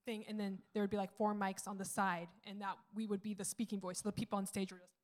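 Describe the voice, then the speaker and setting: A woman's voice: mid-range voice, level tone, fast talker. Chatty woman speaking at church. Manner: chatty, rambling side stories, laughs. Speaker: pastor's wife, co-leader. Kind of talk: casual church talk. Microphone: handheld microphone.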